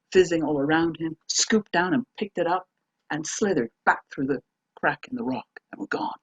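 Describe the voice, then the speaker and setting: A woman telling a folk tale aloud, dramatic, moving between hushed and emphatic delivery. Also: sits low, moderate pace, husky, no room sound, muffled recording. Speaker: storyteller. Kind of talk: oral folk-tale storytelling.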